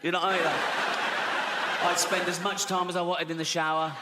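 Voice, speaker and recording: A man's voice: sits high, flat delivery, brisk, heavy background noise. An English man in his sixties doing stand-up comedy, telling stories conversationally with frequent "right?" asides to the audience. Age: 60s. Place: large theater with audience. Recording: live theater recording with long hall reverb and audience. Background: audience laughter.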